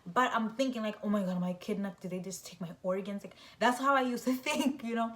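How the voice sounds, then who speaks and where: A young woman vlogger telling a casual story, animated and full of "like", breaking into high, shrieking quoted voices. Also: fast.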